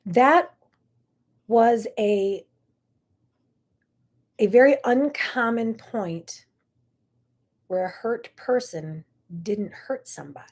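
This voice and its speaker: A woman's voice: a little high, slow pace, long pauses, a little mellow. A middle-aged woman hosting a talk show, telling a personal story in an earnest, emotional way with many asides. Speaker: host.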